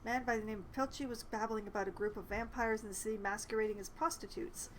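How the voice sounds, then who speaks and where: A woman's voice: a little high, steady tone, quick pace, slight background noise, low-quality recording. A woman streaming a role-playing game, chatting and reading the dialogue choices aloud. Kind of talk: casual gameplay commentary.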